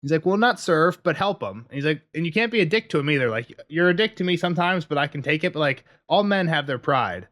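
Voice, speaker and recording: A man's voice: on the high side, lively intonation, fast, few pauses, fairly bright tone. A man co-hosting a podcast, chatting casually about a book with rambling asides and frequent laughter. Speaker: podcast co-host.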